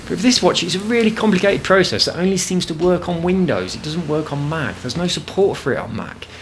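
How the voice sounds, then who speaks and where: A man's voice: high voice, animated, a little fast, a little hiss or hum. Rambling man with frequent swearing. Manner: rambling, swears freely, frustrated. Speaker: gaming channel host. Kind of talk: casual chat over gameplay. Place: home apartment.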